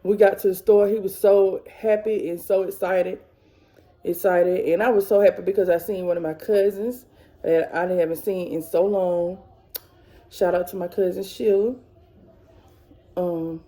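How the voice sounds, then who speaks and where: A woman's voice: fairly low pitch, vocal fry, warm tone. A woman in her thirties vlogging to camera in casual, emotional chat, rambling and repeating herself. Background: kids faintly in background.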